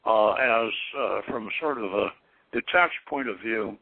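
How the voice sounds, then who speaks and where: On a call-in radio program about occult philosophy, an older male host speaks in a creaky, rather low voice at a measured pace, with no echo. He muses aloud in a rambling way, repeating words and frequently chuckling, all through a dry, tinny, phone-like radio sound.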